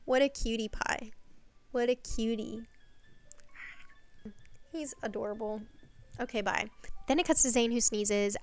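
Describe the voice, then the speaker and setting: A woman's voice: fairly high pitch, a little slow, long pauses. A woman chatting casually as she recaps a series, rambling with fillers and the odd swear. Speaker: channel host recapping a series.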